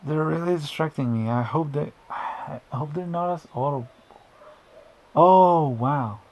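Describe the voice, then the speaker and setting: A man's voice: on the high side, moderate pace, a little mellow. A man giving casual, rambling commentary to camera, often restarting sentences and drifting into asides. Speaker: video creator.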